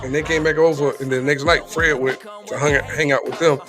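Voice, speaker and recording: Male co-host, relaxed storyteller, slightly higher voice, faint music bed. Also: a little fast. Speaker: morning show co-host. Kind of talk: casual live-stream chat.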